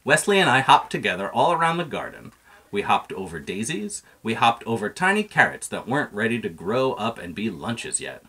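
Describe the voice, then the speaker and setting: A man's voice: fairly low pitch, big pitch swings, moderate pace, bright, forceful tone, breathy edge. A man reading a children's picture book aloud in a playful storytelling manner. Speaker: reader.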